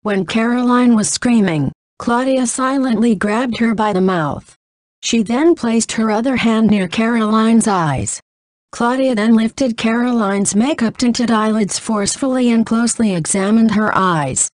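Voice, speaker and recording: A woman narrating a novel in a flat reading that says punctuation aloud. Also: a little high, measured pace, no echo, clean studio sound.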